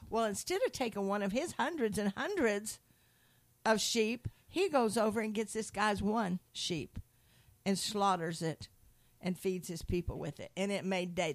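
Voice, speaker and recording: A woman teaches from scripture in a relaxed conversation. She tells Bible stories with lively energy and acts out the characters' lines. Her voice sits at an ordinary middle pitch. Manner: animated storytelling, acts out quotes. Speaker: Christian speaker.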